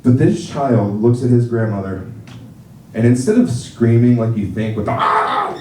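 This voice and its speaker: A man doing stand-up comedy, telling a story in a profane, animated way and acting out the quotes as he goes. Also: medium pitch, normal speed, a little hiss or hum. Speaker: wedding professional. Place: comedy theater stage. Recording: roomy live stage sound from a distance. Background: audience laughter.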